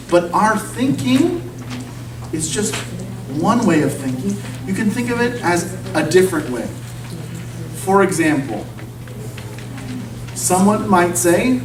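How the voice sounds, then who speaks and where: A man gives a relaxed, conversational talk from the front of a church, his pitch rising and falling freely as he makes his points. He keeps checking in with the room, asking "you see?" and "okay?" The recording sounds distant and echoey, with a faint hiss underneath. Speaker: guest speaker at a church. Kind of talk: informal sermon talk. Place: church sanctuary.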